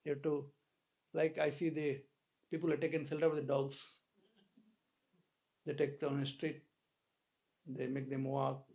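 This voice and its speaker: High-voiced man giving a sermon. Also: little pitch movement. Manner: storytelling with dramatic pauses, swells in loudness. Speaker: spiritual speaker. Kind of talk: sermon with anecdote. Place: live hall talk.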